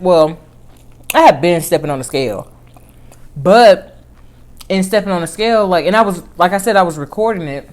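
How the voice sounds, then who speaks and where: A woman vlogger chatting casually to her viewers in a rather low voice. She tells her story in an animated way, rising and falling in pitch and loudness as she goes. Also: clear, resonant tone. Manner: chatty storytelling with lively swings in pitch and volume. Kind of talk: casual chat.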